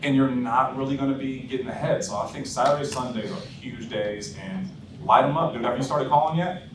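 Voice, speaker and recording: A man giving blunt, animated sales coaching to his team, acting out phone calls as he tells stories. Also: mid-range voice, a little fast. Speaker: insurance sales trainer. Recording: roomy echo, distant mic, background noise.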